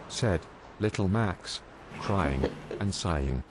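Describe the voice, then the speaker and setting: A man telling crude jokes as a narrator, in a deadpan storytelling manner with teasing rhetorical questions. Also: low voice, takes it slowly. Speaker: joke narrator. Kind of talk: scripted joke storytelling. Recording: noisy background hiss.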